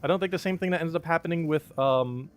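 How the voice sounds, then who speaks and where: A man's voice: a little high, fast talker, soft background music. A young man giving casual live-stream commentary on a game, chatty, with frequent laughs and many fillers.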